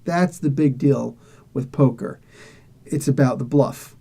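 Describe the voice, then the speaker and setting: Mellow-voiced man recapping a comic. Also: medium pitch, unhurried, creaky, breathy edge. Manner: animated, laughing, acts out quoted lines. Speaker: comic book reviewer. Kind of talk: casual story recap.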